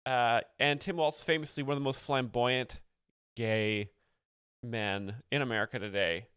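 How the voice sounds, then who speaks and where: A man explaining jokes with deadpan, mock-earnest seriousness, stopping for fillers and chat messages. His voice sits at an ordinary middle pitch. The sound is close and dry, with no room around it. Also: unhurried, clean tone, no echo. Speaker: host explaining jokes on a livestream. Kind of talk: deadpan satirical commentary.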